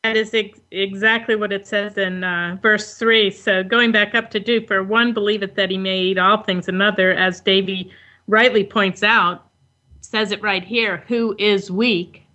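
A woman reading Bible verses aloud and explaining them in a measured way. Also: mid-range voice, fairly even intonation, pushed and bright, muffled recording.

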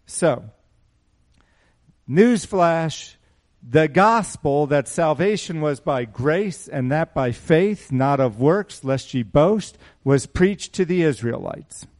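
A man's voice: on the high side, animated, slow, a little mellow. A man preaching a sermon to a small congregation, mixing conversational asides and rhetorical questions with scripture read aloud in a raised voice. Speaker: pastor.

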